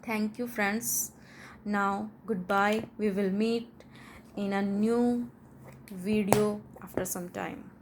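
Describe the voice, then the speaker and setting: A young woman teaching English pronunciation, slowly and deliberately explaining a rule and repeating the example words. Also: mid-range voice, steady tone, noisy background.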